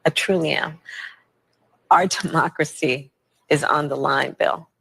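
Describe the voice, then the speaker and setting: A woman politician answering in a TV interview in a measured, deflecting way. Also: sits low, steady tone, vocal fry, a bit bright, slight background noise, poor audio. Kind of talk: TV news interview.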